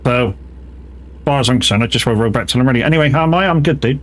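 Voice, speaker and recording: A man's voice: medium pitch, racing. Chatty man streaming a truck game. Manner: chatty, swears freely, laughs often. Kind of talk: casual live-stream chat while driving.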